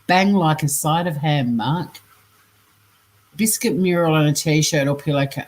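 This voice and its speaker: Aussie woman on a livestream, low voice, chatty and laughy, swears a bit. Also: expressive, moderate pace. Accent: Australian. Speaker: scambaiting livestream host. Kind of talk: casual livestream chat reading messages aloud.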